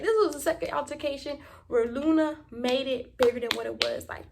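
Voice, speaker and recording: A young woman from Miami, telling a story in a vlog in an animated, profane and emphatic way. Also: sits high, a little fast, vocal fry, hardly any pauses. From Miami, Florida. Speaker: vlogger.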